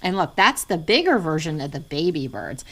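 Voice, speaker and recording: A middle-aged woman reselling vintage goods, chatting casually to her viewers and often dropping into an excited hushed near-whisper. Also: sits low, moderate pace. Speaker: vintage reseller showing inventory. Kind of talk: casual vlog chat.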